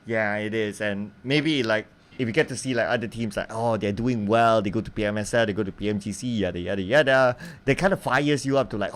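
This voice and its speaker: A man casting a mobile esports match live, in a relaxed, chatty way and laughing easily. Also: on the low side, a little fast, few pauses. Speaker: esports caster. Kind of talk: live game commentary. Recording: faint background noise.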